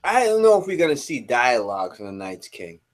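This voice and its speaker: A man hosting a casual live podcast chat, animated and teasing, cursing freely as he moderates the guests. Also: medium pitch, brisk. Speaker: host.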